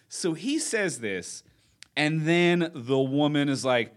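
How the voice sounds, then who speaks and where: A man's voice: a little high, expressive, slow. A man, a podcast guest, telling a comic story with rising indignation. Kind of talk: animated storytelling.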